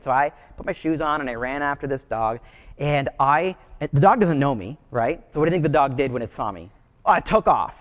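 A man with a notably high voice preaches a sermon, telling stories in a relaxed, conversational way. His voice rings out with a long reverb from a large hall. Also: fast talker. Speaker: pastor.

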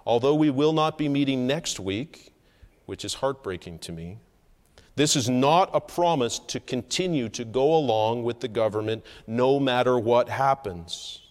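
A man preaching a sermon from the pulpit, earnest and measured, with emphatic rises on key points. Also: mid-range voice. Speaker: pastor. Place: church sanctuary. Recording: long hall reverb.

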